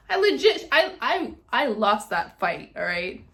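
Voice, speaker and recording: A young woman vlogger telling a dramatic story in a casual, animated way, full of fillers and acted-out sounds. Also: high voice, normal speed.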